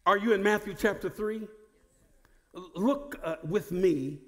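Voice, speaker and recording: A male pastor preaching a sermon who repeats and restarts words and builds to shouted emphasis. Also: high voice, normal speed, big-room sound. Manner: repeats words and stumbles on starts.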